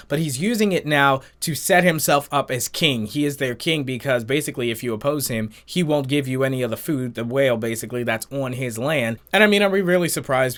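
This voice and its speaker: A man hosting a reaction channel, recapping and giving his opinions on a TV episode in casual, animated chat. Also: fairly high pitch.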